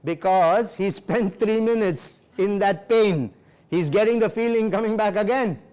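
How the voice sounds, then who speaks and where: A man's voice: sits high, measured pace, darkish tone, clean tone. A man leading a sales workshop as trainer, giving firm instructions, repeating key phrases and acting out sample dialogue with a client. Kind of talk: workshop lecture.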